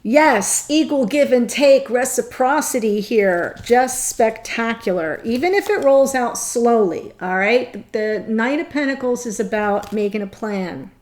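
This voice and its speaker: Woman, tarot reader, slightly high voice, earnest, thinking aloud, speaks to viewers. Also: lively intonation, darkish tone. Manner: earnest, thinking aloud, pauses between phrases; addresses viewers directly. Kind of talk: tarot reading monologue.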